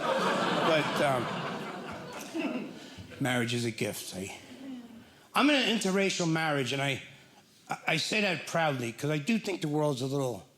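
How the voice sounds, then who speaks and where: A man doing a self-deprecating stand-up set, jumping from stammering bits to shouted punchlines. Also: fairly high pitch, roomy sound. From Irish-American from New Jersey. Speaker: stand-up comedian. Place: comedy club stage with live audience.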